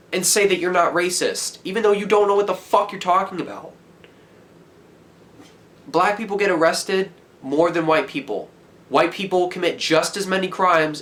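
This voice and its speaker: A teenage guy's voice sitting a little high for a man, heated and full of swearing. He rants straight into the camera and yells at it. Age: teens. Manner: heated, profane, yelling. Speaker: vlogger. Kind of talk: angry rant to camera.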